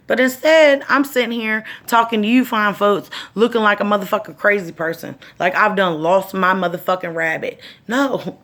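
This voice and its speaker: A woman's voice: mid-range voice, normal speed, fairly bright tone. A middle-aged woman vlogging about grief, raw and profane, holding back tears as she talks. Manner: raw, tearful, profane, speaks from the heart. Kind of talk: emotional personal vlog.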